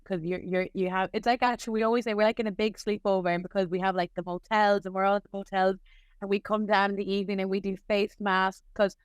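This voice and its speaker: A woman's voice: medium pitch, level tone, fast, smooth, dry recording. A young adult Irish woman, a nurse, chatting casually in an interview with lots of filler words. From Ireland. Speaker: nurse guest.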